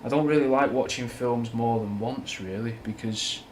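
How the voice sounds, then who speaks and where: This casual livestream features a young Mancunian, slightly Scouse in sound, answering viewers bluntly and rambling with slang and swearing. His medium-pitched voice is a little mellow at a normal speed, over a little hiss or hum.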